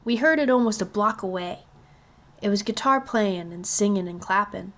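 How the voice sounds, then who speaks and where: A woman's voice: mid-range voice, normal speed, a bit bright. Woman reading a children's novel aloud. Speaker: reader. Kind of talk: children's read-aloud narration.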